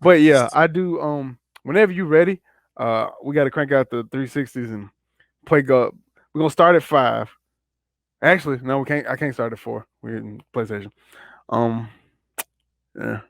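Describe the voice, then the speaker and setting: A man's voice: medium pitch, moderate pace, vocal fry, long pauses, no echo, clean studio sound. Laid-back man in casual chat. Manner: laid-back, blunt, profane. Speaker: podcast co-host.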